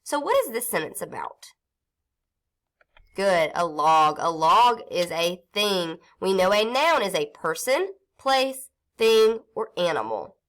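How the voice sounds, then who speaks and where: A woman teaching a phonics lesson to young children, sounding out syllables slowly and clearly. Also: on the low side, very animated. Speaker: reading teacher.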